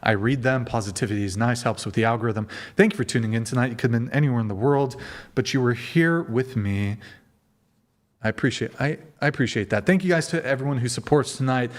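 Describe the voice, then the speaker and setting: A man in the host's chair of a late-night livestream talk show, plainly at a middle pitch. He jokes with the panel, reads out shout-outs and slips into silly accents now and then. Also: fast. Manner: joking, animated, puts on silly accents. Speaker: host.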